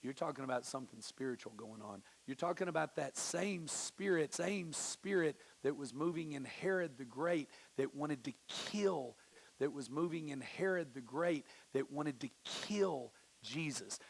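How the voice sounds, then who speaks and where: A man preaching a sermon in church, casual and conversational, acting out the people he quotes with big swings in pitch. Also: lively intonation, unhurried, creaky. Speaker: pastor. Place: church sanctuary.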